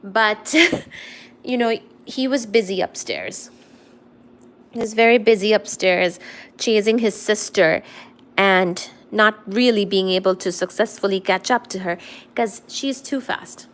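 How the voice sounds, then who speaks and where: A woman's voice: mid-range voice, slow pace. A woman hosting a casual livestream from home, reading chat comments aloud and cooing baby talk at her cat.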